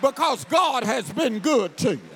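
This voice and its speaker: High-voiced man preaching a shouted sermon. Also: sing-song, measured pace, a little hiss or hum. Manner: shouted call-and-response preaching; drops to quiet storytelling between outbursts. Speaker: pastor.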